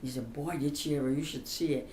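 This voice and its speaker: An older woman with a very deep, warm voice talks fast in a casual interview, telling family stories in a chatty, emphatic way and laughing through them. The mic is distant, the recording roomy, and a faint hiss sits in the background.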